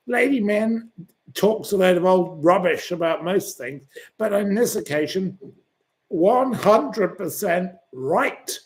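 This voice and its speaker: A man's voice: high-pitched, fairly bright tone. A man hosting a livestream, reading viewer comments aloud and ranting and swearing at commenters. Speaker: channel host.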